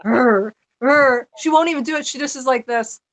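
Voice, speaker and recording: A middle-aged woman with a high voice shares a personal story in a casual podcast chat. She is animated and chatty, laughing often as she goes. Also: fast. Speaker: podcast guest.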